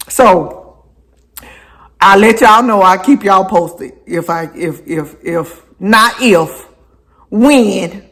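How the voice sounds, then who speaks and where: Slow-talking vlogger, repeats phrases. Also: medium pitch, lively intonation, fairly bright tone. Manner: repeats phrases for emphasis, chatty asides to viewers. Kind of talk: casual walking vlog talk. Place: outdoors on a walk.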